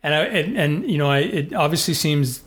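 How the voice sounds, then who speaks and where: A man's voice: fairly high pitch, animated, a little fast, a bit bright. Rambling man telling a story. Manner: rambling, full of fillers and restarts. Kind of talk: casual storytelling chat.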